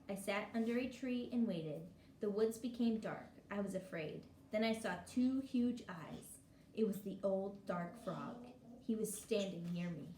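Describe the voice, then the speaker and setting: A woman's voice: mid-range voice, unhurried, warm tone, distant mic, lightly acted. A woman reading as Frog, a patient cheerful frog. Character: cheerful patient male frog, a storybook friend. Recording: echoey room with faint hiss.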